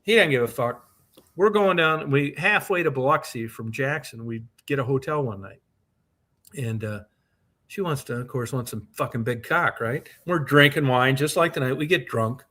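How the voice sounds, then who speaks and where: A man's voice: medium pitch, normal speed, pushed and bright. Foul-mouthed man telling a rambling story. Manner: profane, rambling anecdote-telling. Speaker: podcast co-host. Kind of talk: casual storytelling chat. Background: co-host's short reactions.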